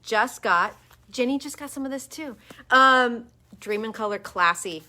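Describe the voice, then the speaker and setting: Bright-voiced chatty woman shop host. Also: a little high, animated, unhurried. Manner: chatty, enthusiastic, lots of fillers. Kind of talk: casual live-stream chat.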